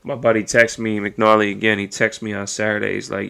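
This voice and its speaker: A man's voice: on the low side, flat delivery, fast talker, gravelly, few pauses, sharp tone. A man hosting a podcast, speaking alone in a raw, emotional and profane way as he thinks aloud. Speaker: podcast host. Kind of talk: personal monologue.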